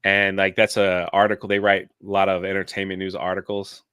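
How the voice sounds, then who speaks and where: A man on a livestream telling a long story in an animated, chatty way, jumping in and out of quotes. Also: sits low, fairly quick, clear, resonant tone, no room sound, studio quality. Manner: animated, jumps into quoted voices. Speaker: YouTuber guest. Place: lives near a theme park in Florida.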